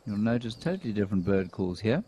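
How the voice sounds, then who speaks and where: A wildlife show host commentates fast over live footage in a low, warm voice, chatting easily with viewers and joking in a dry, deadpan way. Faint outdoor birdsong plays behind him, with a little hiss or hum.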